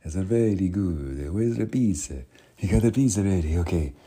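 A man's voice: low voice, expressive, normal speed, warm tone, husky, voice pushed up. A man doing a bossy Italian chef.

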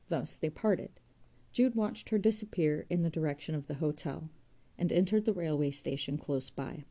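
A woman narrating a novel chapter in a measured, even reading. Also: low-pitched. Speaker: audiobook narrator. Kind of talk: scripted narration.

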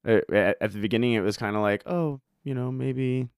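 A young man hosting a casual interview about music, relaxed, swearing now and then and acting out quotes. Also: medium pitch, brisk, clear, resonant tone, dry recording, studio quality. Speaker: podcast host.

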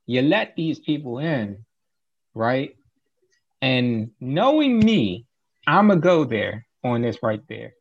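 A man with a mid-range voice, talking through events one point at a time in a measured, conversational way. The audio is a little dull and muffled. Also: medium pitch, sing-song, husky. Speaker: podcast co-host. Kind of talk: casual commentary.

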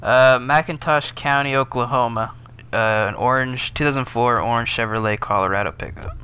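Bright crisp low-voiced man, dry. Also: normal speed. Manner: offhand, swearing. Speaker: podcast guest. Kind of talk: casual chat. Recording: dry, dull lo-fi audio.

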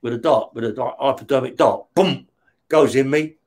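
A man telling a rough story from his past in a casual interview, swearing often and checking in with "yeah?" after nearly every phrase. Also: medium pitch, normal speed, darkish tone. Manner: blunt, heavy swearing, keeps checking with "yeah?". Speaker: interview guest recounting prison life.

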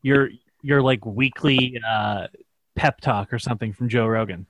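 A man in casual podcast chat, joking and slipping into mock-yelling impressions. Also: medium pitch, unhurried, no room sound, rough recording.

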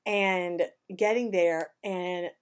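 A woman from Canada, co-hosting a podcast and telling animated stories while laughing easily. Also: lowish voice, very slow, clear, resonant tone. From Vancouver, Canada. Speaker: podcast co-host. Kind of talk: casual chat, storytelling.

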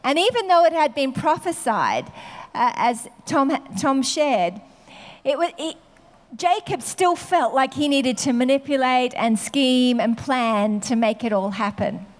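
A woman preaches a sermon in a chatty, unscripted way. Her voice is high, and she often pauses with fillers before going on. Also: animated. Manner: conversational, with many fillers.

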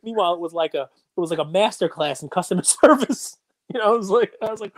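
A man hosts a loose sports and card-collecting chat, rambling from point to point with plenty of fillers. His voice sits a little high. The recording is dry and close. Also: quick pace, no room sound. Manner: rambling, conversational, frequent fillers. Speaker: podcast host.

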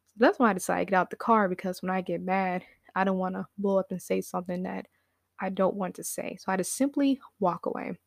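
A woman's voice: brisk, vocal fry, no echo, studio quality. A woman casually telling a personal story, acting out what others said with big jumps in her voice. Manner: animated, acts out quotes with big pitch jumps, laughs now and then.

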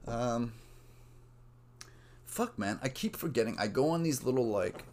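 A man's voice: mid-range voice, big pitch swings, brisk, a little mellow. A young man hosting a solo podcast, talking casually in a meandering stream of consciousness and swearing freely. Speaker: podcast host. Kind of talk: rambling solo podcast monologue.

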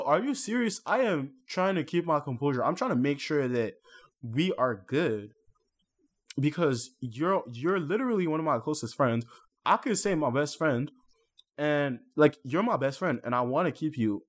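A young man co-hosting a casual podcast, venting at length in an earnest way and slipping into French now and then. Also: on the high side. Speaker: podcast co-host.

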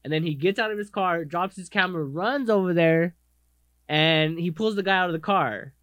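A man co-hosting a podcast in casual chat, animated and profane, often acting out other people's voices. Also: high-pitched, moderate pace, no room sound, clean studio sound. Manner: animated, swears a lot, acts out others' voices; self-described most expressive. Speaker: podcast co-host.

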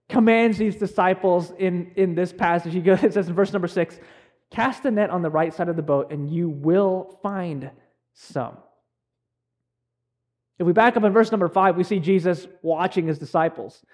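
High-voiced young male pastor preaching. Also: darkish tone. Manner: earnest, conversational preaching with many pauses and restarts. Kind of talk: sermon.

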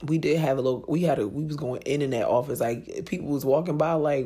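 A woman's voice: deep voice, fairly quick, gravelly, hardly any pauses, mellow, breathy edge. A woman in her thirties hosting a podcast, telling a personal story in a frank, profane way and laughing easily. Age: 30s. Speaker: podcast host.

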